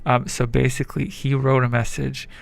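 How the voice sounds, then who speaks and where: Gravelly-voiced male streamer chatting. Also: medium pitch, little pitch movement, normal speed. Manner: rambling, swears freely, reads chat aloud. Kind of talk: casual livestream chat.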